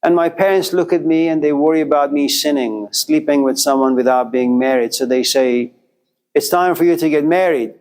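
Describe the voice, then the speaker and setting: Guy giving a lecture, tells a story with lots of repeating lines, kinda high voice. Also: moderate pace, a little mellow. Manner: repetitive, rhythmic storytelling with quoted inner voices.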